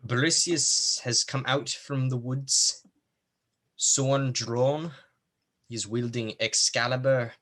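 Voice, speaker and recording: A man's voice: mid-range voice, fairly even intonation, slow pace, a bit bright. A man playing a tabletop role-playing game, narrating his character's moves and speaking in a theatrical, in-character way. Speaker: player.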